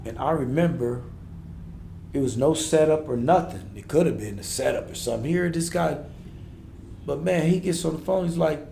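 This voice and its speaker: A man's voice: fairly high pitch, normal speed, gravelly, dark tone, a little hiss or hum. A man in his forties, a podcast guest, telling a raw, intense personal story in blunt street-inflected speech. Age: 40s. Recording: echoey room.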